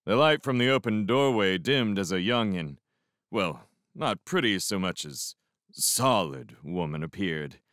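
A man reading a novel aloud as an expressive first-person fan audiobook narrator. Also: sits low, a little slow, dry recording, studio quality. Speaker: audiobook reader.

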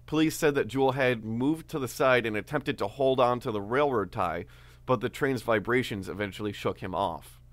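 A man co-hosting a podcast, telling a story in a relaxed, casual way with many fillers. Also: medium pitch, normal speed, no echo. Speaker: podcast co-host.

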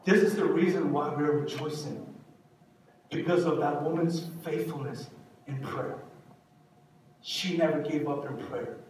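Male pastor, high-pitched, earnest and repetitive, heard from a distant mic in a booming hall. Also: measured pace, long pauses, a little mellow. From Korea. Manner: earnest, repetitive preaching cadence. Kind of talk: sermon. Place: church sanctuary. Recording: echoey hall, distant mic, faint hiss.

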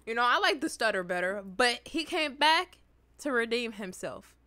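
A young adult woman hosting a reaction video, telling stories in an animated, slangy, exclamatory way. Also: fairly high pitch, moderate pace, no room sound. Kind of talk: casual reaction commentary and storytelling.

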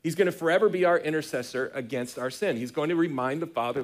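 A middle-aged man preaching a sermon as pastor, talking in a conversational, animated storytelling way with frequent restarts. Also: fairly high pitch, fast talker, few pauses. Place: church sanctuary.

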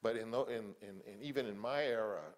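With a fairly low-pitched voice, an older man who directs films reminisces during an interview. He speaks haltingly, restarting often and repeating words.

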